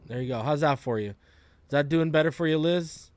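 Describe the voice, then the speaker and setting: A man hosting a casual live stream, greeting viewers one by one in a relaxed, slangy way. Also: fairly high pitch, normal speed, no room sound. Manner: laid-back, greets viewers by name, slangy. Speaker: podcast host. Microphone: close desk mic.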